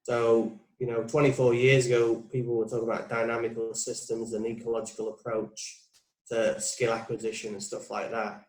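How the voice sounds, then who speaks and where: A man's voice: medium pitch, flat delivery, normal speed, a little mellow. A man in his forties, a putting coach, thinking aloud in a reflective, musing way in a casual chat. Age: 40s. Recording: roomy echo.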